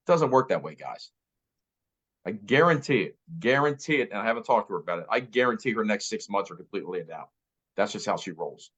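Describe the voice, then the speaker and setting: A man's voice: fairly low pitch, lively intonation, brisk, a bit bright, breathy edge. A man in his fifties giving an emphatic motivational talk as a real estate director, repeating key phrases. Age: 50s. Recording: slightly muffled audio.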